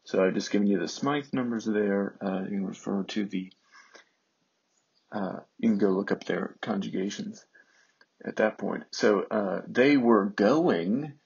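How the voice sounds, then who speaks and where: Man, low gravelly voice, slow patient teacher, lots of filler pauses. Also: fairly even intonation, a little mellow, dull audio. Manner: unhurried, frequent fillers. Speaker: Greek teacher. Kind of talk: slow explanatory lesson.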